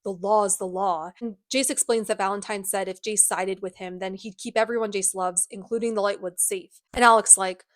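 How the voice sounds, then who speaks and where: A woman's voice: medium pitch, steady tone, a little fast, few pauses, dry recording, studio quality. A woman giving a casual, comedic book recap, sarcastic and profane with chatty asides. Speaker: book youtuber. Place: indoors at home.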